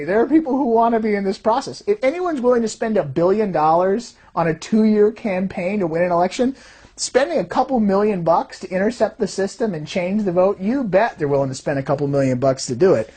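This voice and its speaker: Woman, husky voice, animated rise and fall, explanatory talk, acts out quoted voices. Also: mid-range voice, brisk. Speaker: fraud detection systems designer.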